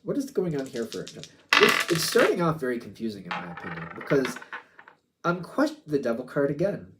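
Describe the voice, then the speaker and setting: A man's voice: medium pitch, huge pitch swings, moderate pace, a bit bright, slight background noise. A man giving a casual tarot reading, musing aloud and acting out quoted back-and-forths. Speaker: tarot reader.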